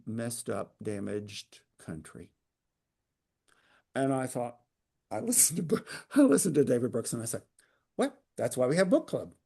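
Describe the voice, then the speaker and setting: A man's voice: on the low side, creaky, mellow. A man leading a book club talk on a video call, hesitant with many fillers and restarts, with a wry humor. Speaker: book club discussion leader. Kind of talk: informal literary talk.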